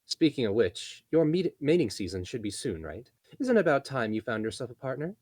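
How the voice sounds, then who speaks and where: A man putting on a sing-song elf woman from a read-aloud fantasy novel, chatty and flirtatious. The voice is pitched well above his own and lilts up and down. It sounds close and dry, with a slight husk. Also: sing-song, a little fast, a little mellow, no echo.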